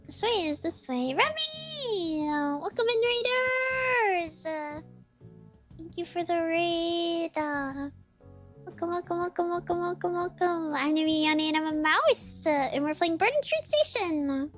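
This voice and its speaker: A woman streaming a game, reading the characters' lines aloud in quick playful voices. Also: extremely high pitch, soft background music.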